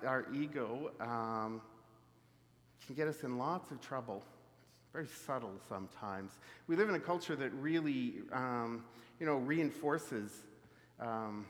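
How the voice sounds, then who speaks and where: A man from the prairies preaching a sermon in an easy, reflective, conversational way with many fillers. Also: mid-range voice. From Canadian prairies. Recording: reverberant hall.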